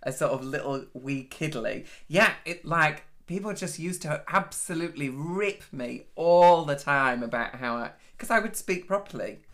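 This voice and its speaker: Woman, Yorkshire accent, bright voice, self-deprecating casual chat. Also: low voice, lively intonation, moderate pace, hardly any pauses. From Yorkshire, England. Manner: self-deprecating, laughs at her own stories.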